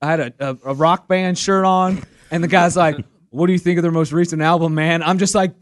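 A man's voice: a little high, fairly quick, hardly any pauses. A man telling an exasperated story in casual chat on a talk show, acting out quotes. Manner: animated, exasperated, acts out quotes.

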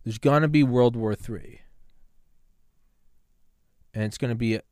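A man's voice: medium pitch, measured pace, a little mellow, no echo, studio quality. A man hosting a solo podcast, ranting sarcastically about politics with profanity and rambling asides. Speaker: podcast host.

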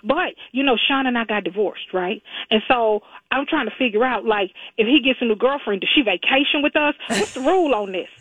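A woman's voice: fairly high pitch, brisk, hardly any pauses, dry recording, highs cut off. A woman guest chatting casually and talking freely about her family and everyday life. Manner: animated, talkative storyteller. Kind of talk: casual chat.

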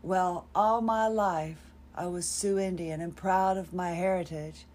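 Woman, fifties, lowish voice, rambling wry storyteller, podcast host. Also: fairly even intonation, measured pace, a little mellow. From North Carolina, USA. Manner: rambling, wry, self-deprecating. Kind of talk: personal storytelling monologue.

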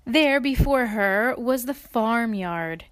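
A woman reading a children's story aloud in an expressive, playful way, adding asides to her listener. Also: fairly high pitch, slow, clear, resonant tone, no echo, clean studio sound.

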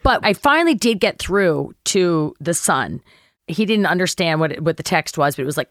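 A middle-aged actress telling a story as an interview guest, animated, swearing and acting out quotes. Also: female voice, fairly quick, no room sound, clean studio sound. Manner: animated, acts out quotes with big pitch jumps, swears. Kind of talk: lively anecdote telling.

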